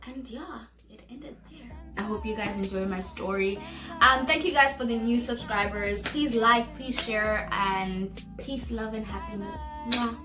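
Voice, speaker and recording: A woman's voice: on the high side, moderate pace, music in the background. A young South African woman with a South African accent, telling a personal story on her vlog and acting out what others said. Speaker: vlogger. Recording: echoey room.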